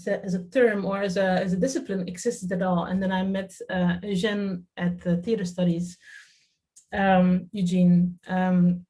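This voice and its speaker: A woman's voice: fairly low pitch, little pitch movement, normal speed, warm tone. A woman from the Netherlands in her thirties, talking in an interview about her work in theater, with lots of fillers and restarts. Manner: hesitant, many fillers and restarts. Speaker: festival artistic director. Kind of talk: interview, reflective talk.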